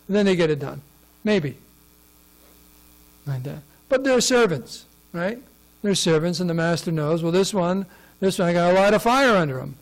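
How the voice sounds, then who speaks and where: A man's voice: sits high, animated, normal speed, creaky, rough recording. A man giving a scripture class, conversational and often asking his listeners questions. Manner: conversational, asks the audience questions. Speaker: class speaker.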